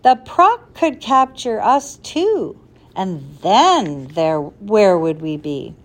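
A woman voicing a kindly, cautious older male professor, speaking in a measured, earnest way. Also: mid-range voice, very animated. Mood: grave.

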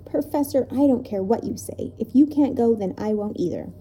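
A woman's voice: on the high side, moderate pace, dark tone, a little hiss or hum, lightly acted. A woman voicing a loyal, determined young boy in a storybook reading, speaking firmly. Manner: firm, resolute.

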